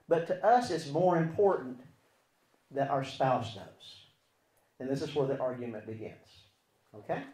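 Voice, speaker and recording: A fairly high-voiced man gives sermon-style relationship teaching from a Christian standpoint, moving between loud, emphatic passages and soft, nearly murmured remarks with wide shifts in pitch. Rhetorical questions keep coming, and the recording carries the echo of a roomy space.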